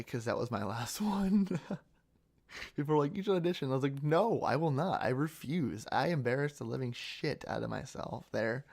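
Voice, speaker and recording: In a lowish, creaky voice, a young man from central Pennsylvania, United States, responds to viewer comments. He hosts an ASMR channel, and his casual talk wanders, with lots of fillers and restarts.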